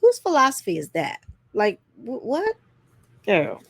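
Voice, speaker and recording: A woman hosts a casual reality TV recap, sassy and talking straight to viewers, acting out quotes in a put-on voice with big pitch jumps. Her voice is gravelly with huge pitch swings and a measured pace, recorded with no room sound.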